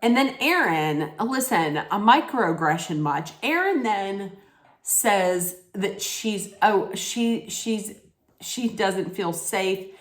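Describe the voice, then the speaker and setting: A woman ranting in a casual recap vlog, blunt, scolding and full of profanity. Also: medium pitch. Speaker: reality TV recap vlogger. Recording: echoey room.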